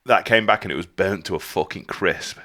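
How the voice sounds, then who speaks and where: Brief: low-voiced guy, sweary and sarcastic podcast co-host, bright edge. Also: brisk. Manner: sweary, mocking. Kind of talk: casual chat.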